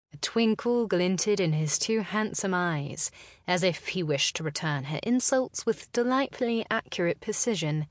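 A woman narrating a historical romance audiobook in a measured, expressive way. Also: on the low side, no room sound, studio quality.

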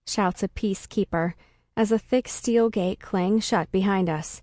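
A woman narrating a first-person comic story with a dry, deadpan delivery. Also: mid-range voice, unhurried, no room sound. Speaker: audiobook narrator.

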